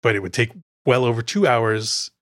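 Brief: male podcast host, mid-pitched, chatty and tangential, dry close mic. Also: steady tone, normal speed, fairly bright tone, no echo. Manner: chatty and digressive, recounts scenes. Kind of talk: casual film discussion.

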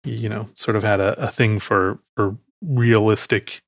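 A man's voice: fairly low pitch, steady tone, measured pace, vocal fry, dry recording, studio quality. A man hosting a film podcast in casual chat, rambling, correcting himself and laughing often. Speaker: podcast host.

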